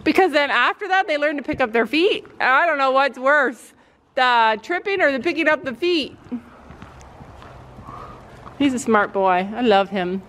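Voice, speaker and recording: A woman's voice: high-pitched, animated, a little slow, long pauses, a bit bright. A middle-aged woman filming her daughter at a riding arena, chatting and explaining to viewers with sarcastic jokes. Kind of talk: casual commentary to camera.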